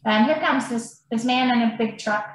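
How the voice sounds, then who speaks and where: A woman on a podcast telling a story in an animated, blunt manner and swearing freely. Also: on the high side, normal speed. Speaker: podcast guest. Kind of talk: casual storytelling. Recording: very echoey room, faint noise.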